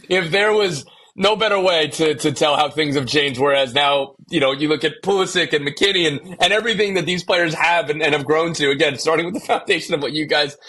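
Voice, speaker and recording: A man's voice: a little high, a bit bright, slightly rough. A young man hosting a casual podcast, restarting his sentences and leaning on fillers as he asks questions. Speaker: podcast host.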